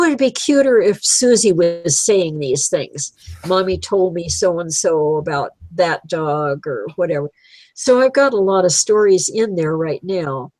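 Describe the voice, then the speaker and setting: A woman's voice: fairly low pitch, darkish tone, no room sound, poor audio. Chatty woman in her eighties, dry sound. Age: 80s. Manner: rambling storyteller who laughs often. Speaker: guest, writer of pet stories. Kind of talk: casual chat.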